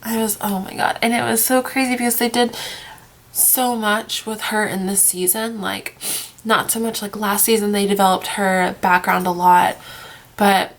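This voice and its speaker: A woman's voice: mid-range voice, level tone, normal speed. A young woman vlogging casually, worn out from crying and short on sleep, rambling and trailing off into whispers. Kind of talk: casual emotional vlog.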